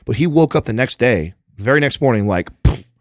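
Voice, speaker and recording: A man's voice: medium pitch, animated, fairly quick, no room sound, clean studio sound. A man in his thirties hosting a podcast, telling a story in a rambling way with many restarts and casual swearing. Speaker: podcast host.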